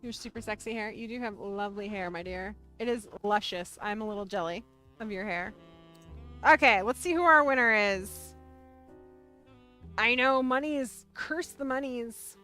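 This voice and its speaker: A woman's voice: fairly high pitch, normal speed, bright, forceful tone, faint music behind. A woman hosting a casual livestream, bubbly and playful, chatting straight to her viewers. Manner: bubbly, playful, talks to chat. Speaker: livestream host.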